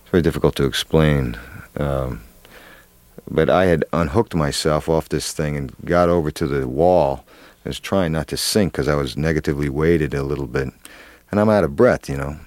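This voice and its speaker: A man's voice: very deep voice, moderate pace, darkish tone, no room sound. A man, an actor, telling a long story in an interview, rambling with many fillers and restarts. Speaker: actor guest.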